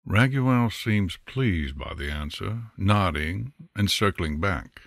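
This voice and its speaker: A man narrating a fantasy novel in an unhurried, expressive storytelling manner. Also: low voice, dry recording, clean studio sound. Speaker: audiobook narrator. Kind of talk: scripted narration.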